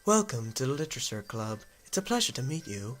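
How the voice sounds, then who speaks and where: A man voicing a formal, reserved teenage girl in a visual novel with a plain, soft, formal delivery. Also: medium pitch, very animated, brisk, faint music behind, close to an everyday voice. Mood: polite.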